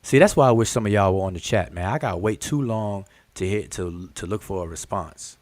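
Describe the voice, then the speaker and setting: Brisk and fairly low, this male host's voice has no room sound. Teaching live, he talks straight to the audience with lots of repetition and direct questions, animatedly shouting "look, look" and addressing everyone as "y'all" and "family."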